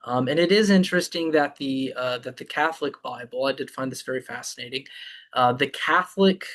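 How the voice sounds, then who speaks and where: A man presenting a Bible study, speaking slowly and deliberately, with frequent ums and restarts. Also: mid-range voice, fairly bright tone. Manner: halting, with many ums and restarts.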